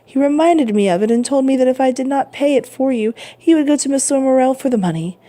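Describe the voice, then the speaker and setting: Gentle frail old man, read by a woman, soothing, mellow, storybook reading. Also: high voice, fast talker, voice pushed up, natural voice.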